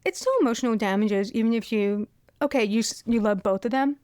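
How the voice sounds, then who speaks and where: A woman's voice: a little high, a little fast, a little mellow, no echo, studio quality. A young woman co-hosting a podcast, chiming in wryly during a casual recap chat. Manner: wry, chiming in with short reactions. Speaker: podcast co-host.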